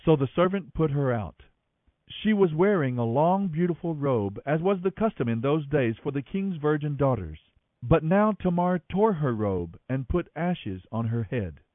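Animated male Bible reader on tinny radio. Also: on the high side, moderate pace, no echo. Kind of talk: scripted Bible narration. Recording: tinny phone-like radio line.

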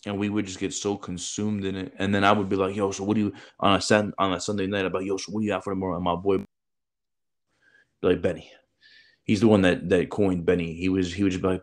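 A man's voice: low-pitched, little pitch movement, quick pace. A man chatting casually as a podcast co-host, rambling and profane, with lots of "bro" and "like". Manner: loose, profane, peppered with "bro" and "like". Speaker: podcast co-host, former military recruiter. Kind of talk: casual chat.

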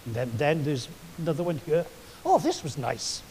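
A man's voice: a little high, huge pitch swings, normal speed, darkish tone, a little hiss or hum. A man preaching a sermon as a pastor, telling enthusiastic, chatty stories full of asides, recorded in a hall with long reverb.

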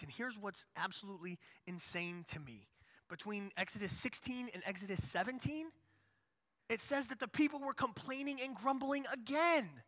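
A man preaching a sermon in a casual, animated storytelling manner. His voice is high and very bright. A long hall reverb trails each phrase. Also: normal speed. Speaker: pastor.

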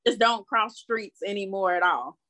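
A woman's voice: medium pitch, moderate pace, bright, forceful tone. Woman, casual chat, agreeable, short backing remarks, plain easygoing talk.

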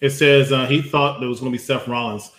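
A man hosting a casual wrestling review show who rattles off quick lists and breaks into ranting with swearing. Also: medium pitch, fairly even intonation, fairly bright tone, poor audio. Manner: talks in quick lists, then rants with swearing. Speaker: podcast host.

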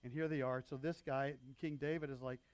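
A man's voice: medium pitch, fairly even intonation, a little fast, clear, resonant tone, dry recording. A man preaching a sermon as pastor, talking in a loose, conversational way with frequent asides to the congregation.

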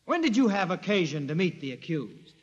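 An actor playing a prosecutor questioning witnesses in an old radio drama. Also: male voice, high voice, sing-song, brisk, dull audio. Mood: probing. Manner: formal questioning. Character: probing male prosecutor. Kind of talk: 1950s radio drama acting. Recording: reverberant with faint music.

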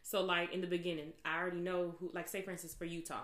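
A lively woman with a slightly low, bright, forceful voice hosts a casual chat. She laughs often and bursts into loud exclamations. The sound bounces around an echoey room. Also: fast.

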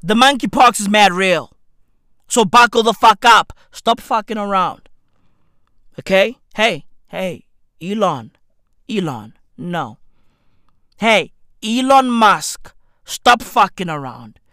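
A comedic host ranting profanely, with slang and repeated "bruv", swinging between shouting and muttering. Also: medium pitch, expressive, takes it slowly, pauses often, dry recording, clean studio sound. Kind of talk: comedic rant.

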